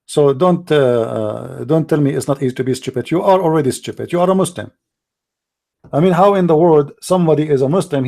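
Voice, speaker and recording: A man's voice: on the high side, a little fast, creaky, dark tone. A man hosting a call-in show, lecturing in a scornful, heated way and repeating himself, in non-native English. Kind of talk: heated monologue.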